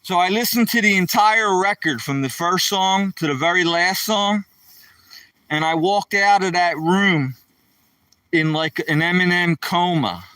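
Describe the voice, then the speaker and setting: A man chats with his live-stream viewers as he walks through the woods, rambling through a story. His voice is bright and a touch high, and it sounds dry and a bit distant from the phone mic. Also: a little slow, clean tone, no echo. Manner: rambling, chatty, addresses viewers by name. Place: outdoors walking through woods.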